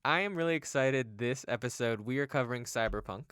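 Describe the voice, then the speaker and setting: A man's voice: mid-range voice, brisk, a bit bright, smooth, no room sound, studio quality. A man hosting a comic book podcast, chatting casually and teasing his co-hosts. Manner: joking, teasing. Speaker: podcast host.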